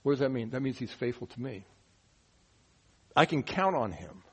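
Preaching conversationally, this man throws rhetorical questions at his audience and moves from hushed asides to loud, forceful outbursts. He speaks at a normal speed with a mid-range voice, lively intonation, and a breathy edge.

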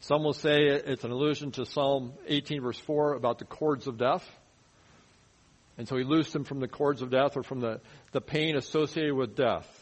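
A man teaching verse by verse through a Bible passage in a conversational sermon, often dropping his voice low to stress a point. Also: steady tone, normal speed, rough recording. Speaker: pastor. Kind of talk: expository sermon.

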